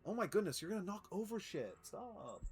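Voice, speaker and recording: A man streaming a factory game live, excitable and swearing, laughing often and cooing at his cat. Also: sits high, fairly quick, soft background music. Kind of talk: live gameplay commentary.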